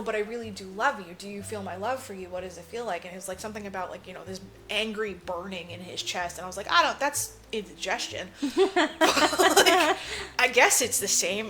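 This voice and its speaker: Bright-voiced woman recapping a movie. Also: mid-range voice. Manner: animated storyteller acting out characters' lines; swears freely, lots of "like" fillers. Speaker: podcast co-host. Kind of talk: casual movie recap chat.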